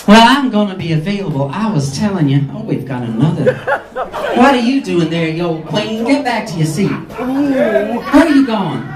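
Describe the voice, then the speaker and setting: Filmed from far back in the audience, the room echoes and the crowd is loud with laughter and chatter. Onstage in a pub or club function room, a man hosts as a brash, catty drag queen, teasing the audience with sarcastic, mock-haughty crowd work. His voice sits high and sing-song at a normal speed against the noisy background.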